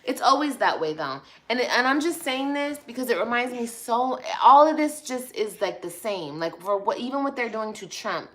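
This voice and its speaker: A woman's voice: fairly high pitch, lively intonation, moderate pace, few pauses. A woman vlogger ranting on a livestream, blunt, profane and passionate, reading and answering viewer comments. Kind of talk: livestream rant.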